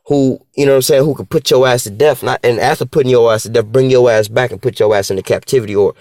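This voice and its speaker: A man giving a casual, slang-filled Bible teaching, talking conversationally and slowing down to read scripture. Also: mid-range voice, darkish tone, no echo, studio quality.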